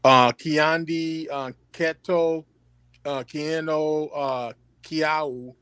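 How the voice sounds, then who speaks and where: A man's voice: a little high, fairly even intonation, extremely slow, a bit bright, smooth, dry recording. A man answering as a student in a language class over a video call, hesitant and full of fillers.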